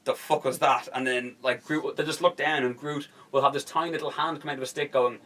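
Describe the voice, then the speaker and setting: An excitable young man hosts a casual podcast chat. He swears freely and bursts into little acted-out bits of the scenes he describes. His pitch sits in an ordinary middle range for a man. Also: fast talker. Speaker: podcast host.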